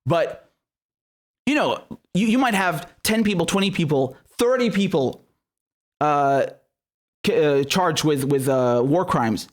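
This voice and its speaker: A man with a somewhat high-pitched voice delivers a political commentary monologue. He sounds heated and indignant, swears freely and keeps stumbling over restarts as he presses his point. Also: expressive, slow.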